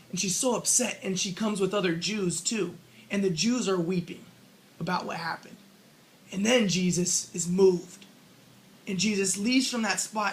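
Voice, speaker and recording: A man with a rather high voice lays out his own theory in a relaxed, spoken lecture. He retells the story loosely and thinks aloud as he goes. A faint hiss of noise sits under his voice. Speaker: self-published theorist explaining his model.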